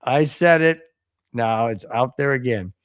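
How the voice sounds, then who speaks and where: An American man co-hosting a casual sports podcast, telling a rambling story and reading out viewer chats in an excitable way. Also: mid-range voice, a little slow, no room sound, studio quality. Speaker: podcast co-host.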